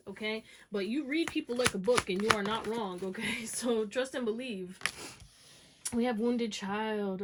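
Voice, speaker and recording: A woman's voice: mid-range voice, background noise. A woman giving a casual pick-a-card tarot reading, talking straight to her viewers with lots of "okay?" and "you know what I'm saying?". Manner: slang-flavored, encouraging, talks to viewers as y'all. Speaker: tarot reader.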